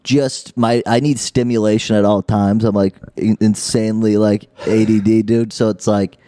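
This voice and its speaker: A young man chats casually as a podcast guest, rambling through stories in a laid-back way. His voice is mellow and warm, and it is recorded dry and close with no room sound. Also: fairly low pitch, little pitch movement, moderate pace, no echo. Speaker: comedian guest.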